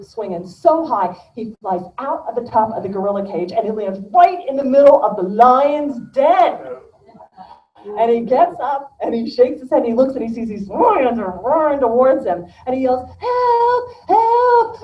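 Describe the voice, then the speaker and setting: A middle-aged woman giving a motivational speech as a guest speaker at a club meeting, telling stories in a lively, folksy, humorous way. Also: on the high side, slight background noise. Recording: roomy, distant, dull-sounding room recording.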